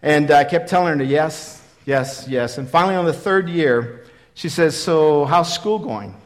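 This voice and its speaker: A man in his fifties preaching a sermon, telling his own story in an earnest, repetitive way that swings from loud emphasis to quiet. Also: fairly high pitch, normal speed. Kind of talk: sermon with personal testimony.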